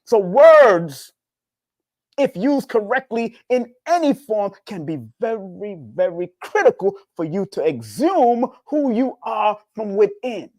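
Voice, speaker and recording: A man's voice: slow pace, no room sound. Preachy man with a dry close sound. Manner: preachy, repetitive, animated swings in pitch. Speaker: spiritual numerology teacher. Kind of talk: casual spiritual talk.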